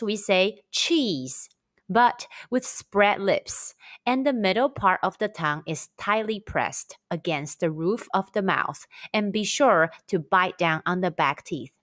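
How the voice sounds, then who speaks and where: Slow, careful woman teaching pronunciation. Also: mid-range voice, fairly bright tone. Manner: slow, careful, drilling sounds for repetition. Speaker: Chinese language teacher. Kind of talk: scripted pronunciation lesson.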